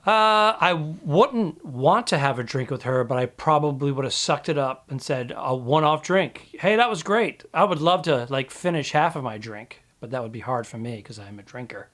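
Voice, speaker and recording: Guy cohosting a comedy pod, kinda high voice, teasing questions. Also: lively intonation, a bit bright. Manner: quick questions and teasing interjections. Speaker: podcast co-host. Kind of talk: comedy podcast banter.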